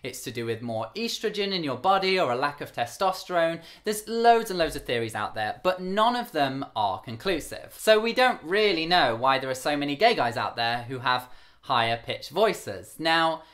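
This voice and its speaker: Young man with a light camp rasp. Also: sing-song, moderate pace, fairly bright tone. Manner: earnest, candid; higher-pitched male voice held lower for camera. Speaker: vlogger. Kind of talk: talking to camera.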